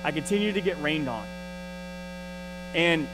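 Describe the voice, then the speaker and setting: A man's voice: high-pitched, moderate pace, background noise. A man teaching a casual Bible lesson at church, talking conversationally and checking in with his listeners as he goes. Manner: conversational, often checks in with "right?" and "okay?"; restarts and repeats words often.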